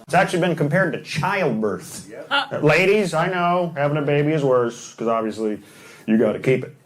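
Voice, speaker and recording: A man doing crowd work as a stand-up comedian, brash and teasing, firing off quick punchlines on a club stage. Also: a little high, animated. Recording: echoey club with loud crowd noise.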